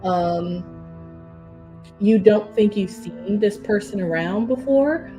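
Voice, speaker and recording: A woman's voice: medium pitch, slow, dark tone, soft background music, low-quality recording. A woman running a tabletop game as game master, narrating in a rambling, casual way and laughing often.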